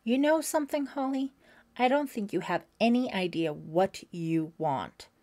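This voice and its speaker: A woman voicing a pushy teenage boy, cocky and quick to anger. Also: medium pitch, lively intonation, warm tone, natural voice. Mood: annoyed.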